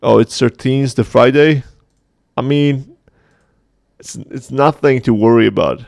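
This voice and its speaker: Gravelly-voiced man chatting on a livestream. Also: medium pitch, unhurried, darkish tone. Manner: chatty, joking, reading chat aloud. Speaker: host of a community livestream. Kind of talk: casual livestream chat.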